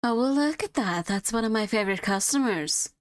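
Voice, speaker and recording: A woman's voice: a little high, expressive, fairly quick, dry recording, studio quality, pitched above the performer's own voice, natural voice. A woman voicing a flirty hooved female flower shopkeeper with a slight put-on Southern twang who calls customers darling. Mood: welcoming. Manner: sweet-talking, calls people darling.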